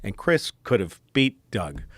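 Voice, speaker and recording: A man's voice: on the low side, big pitch swings, measured pace, fairly bright tone, dry recording. A man co-hosting a podcast, telling rambling school stories in casual chat and laughing often, recorded on a studio mic. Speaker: podcast co-host.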